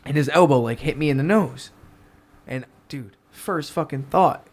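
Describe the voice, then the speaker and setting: A man's voice: a little high, normal speed. A young American man telling a travel story on a casual podcast, swearing often and laughing as he goes. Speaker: podcast guest.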